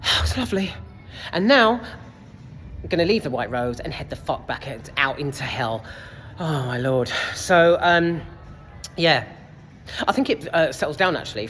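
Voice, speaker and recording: A man's voice: fairly high pitch, fairly bright tone. A young man ranting casually about a film and the heat, sweary, exasperated and rambling, filmed in a cinema foyer. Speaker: film reviewer. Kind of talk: casual vlog rant. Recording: reverberant foyer, faint background noise.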